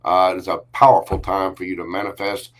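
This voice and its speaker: Male tarot reader hosting a livestream, low-pitched, chatty and affectionate with his audience. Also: little pitch movement, brisk. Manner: chatty, affectionate, greets viewers with pet names. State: briefly coughing and choked up. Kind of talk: casual livestream tarot reading.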